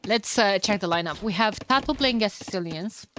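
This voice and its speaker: A woman commentating a strategy game alone for her live chat, chatty and excitable, tired and with a headache. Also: mid-range voice, normal speed, slight background noise. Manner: chatty, excitable, swears and laughs at herself. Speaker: esports caster.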